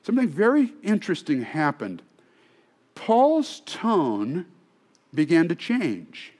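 Man, pastor, sermon, chatty storytelling, fairly high voice, frequent restarts. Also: wildly swooping pitch, slow, darkish tone.

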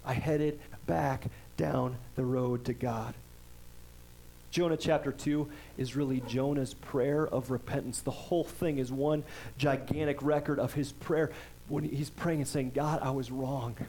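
A man's voice: mid-range voice, steady tone, unhurried, warm tone, slight background noise, rough recording. A man preaching a sermon in a conversational way, often checking in with "right?" and reading scripture aloud with emphasis. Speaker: pastor.

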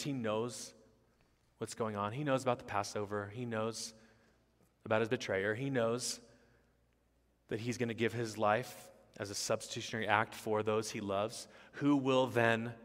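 Low-pitched male pastor, emphatic repetitive sermon delivery, long hall reverb. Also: fairly bright tone.

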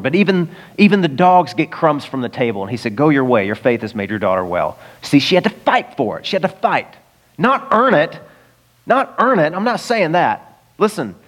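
A man preaching a sermon in a church, conversational and animated, with jokes and rhetorical questions. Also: fairly high pitch. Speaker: pastor.

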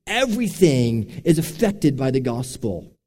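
A man's voice: medium pitch, very animated, unhurried, darkish tone. A man preaching a sermon, telling stories in an earnest, direct way from a church sanctuary. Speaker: pastor. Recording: long reverb of a large hall.

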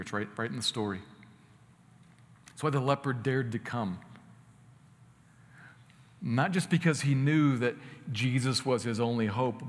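A man preaching a sermon, earnest, swinging between loud emphatic lines and quiet asides. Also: medium pitch. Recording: long hall reverb.

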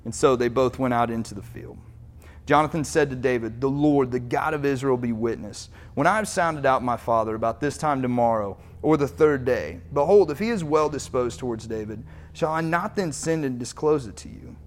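A man's voice: medium pitch, normal speed. A man preaching as pastor, reading scripture aloud and retelling it in casual everyday speech.

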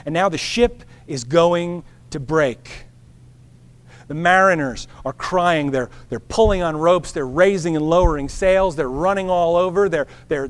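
A man preaching a sermon to a congregation, earnest and measured, with dramatic pauses that slow down key words. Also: on the high side. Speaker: pastor.

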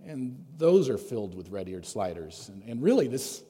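A man's voice: mid-range voice, very animated, normal speed, warm tone, breathy edge. A man preaching a sermon as pastor, telling a story conversationally and asking the congregation questions. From United States. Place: church sanctuary. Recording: long reverb of a church hall.

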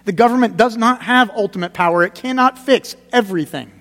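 Higher-voiced male pastor preaching in a hall. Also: fairly quick. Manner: conversational preaching, emphatic repetitions, drops to quiet gravity. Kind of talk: sermon.

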